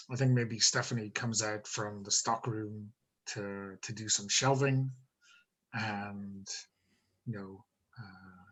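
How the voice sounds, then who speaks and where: A man with a low, husky voice plays a tabletop role-play game. He muses aloud in a tentative way, feeling his way through each thought. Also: a bit bright. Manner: tentative, musing. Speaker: player.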